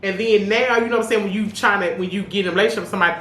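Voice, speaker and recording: A woman's voice: medium pitch, rapid-fire, fairly bright tone. Candid woman rambling about love. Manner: rambling, candid, full of "you know what I'm saying". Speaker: podcast co-host. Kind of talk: casual chat. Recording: roomy room with faint noise.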